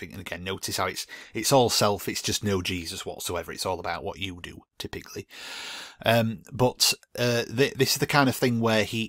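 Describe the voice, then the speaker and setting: A man's voice: low voice, fairly bright tone, no room sound, studio quality. A man giving a Christian video commentary, arguing emphatically against a preacher's teaching with frequent restarts and repeated words. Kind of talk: monologue rebutting a preacher with scripture.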